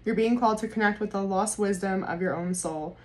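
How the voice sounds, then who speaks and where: A woman doing a casual tarot reading to camera, excitable, swearing freely and laughing often. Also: mid-range voice, brisk. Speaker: tarot reader.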